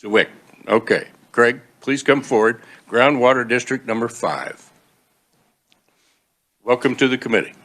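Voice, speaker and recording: A man's voice: medium pitch, measured pace, pauses often, fairly bright tone. A man chairing a legislative committee hearing, procedural and easygoing, with frequent fillers.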